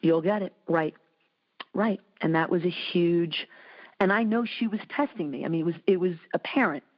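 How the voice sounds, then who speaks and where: A woman hosting an interview show, telling a lively story and acting out the voices in it. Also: moderate pace, highs cut off. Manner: animated storyteller, acts out quotes with big pitch jumps. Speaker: host. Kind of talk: casual conversational interview.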